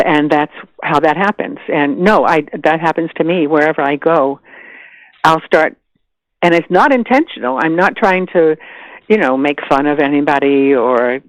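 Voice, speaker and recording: An older woman from the American South, an actress chatting as a guest in an animated way, with frequent restarts. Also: low voice, dry recording, poor audio. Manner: animated, chatty, laughs easily, many restarts. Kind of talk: casual interview chat.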